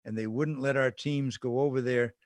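A man's voice: mid-range voice, fairly even intonation, moderate pace, a little mellow, no echo. A man hosting a call-in radio show, talking in a conversational, earnest way with some stumbles. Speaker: radio talk show host.

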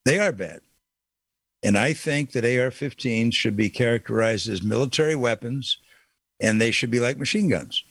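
A man's voice: mid-range voice, moderate pace, a bit bright, breathy edge, no room sound. A man in the middle of his range talks straight into a studio microphone as the host of a call-in radio show. He is emphatic and folksy, and he often says a line twice to drive it home. The booth sounds dry, with no room around him. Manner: emphatic, repeats key phrases, folksy.

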